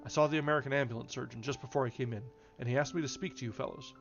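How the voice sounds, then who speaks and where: Man voicing a curt young artist, brisk, mid pitch, faint music behind. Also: fairly even intonation, vocal fry, dull audio, close to an everyday voice. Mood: earnest. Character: young male artist, brisk, turning savage.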